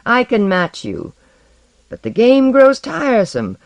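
A man's voice: fairly high pitch, big pitch swings, unhurried, dry recording. A man voicing an arrogant, boastful sorcerer sea lord in a story reading, taunting, proud and commanding. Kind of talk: audiobook reading.

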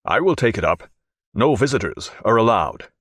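A man's voice: on the low side, sing-song, normal speed, fairly bright tone, no room sound, clean studio sound. A man reading the part of a stern, impassive hospital porter who speaks curtly and formally. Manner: curt, formal.

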